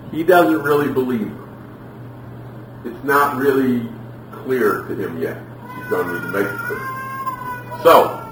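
A man with a medium-pitched, slightly bright voice preaches to a live audience about parenting. He tells stories, asks the room questions, and acts out little scenes. The sound is roomy and distant, from a hall with a faint noise floor.

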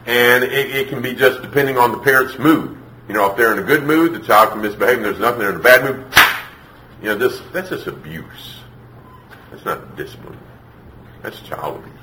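A man preaching a sermon, emphatic, acting out parents and children in quick put-on voices. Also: mid-range voice, expressive, sharp tone, reverberant, a little hiss or hum, poor audio.

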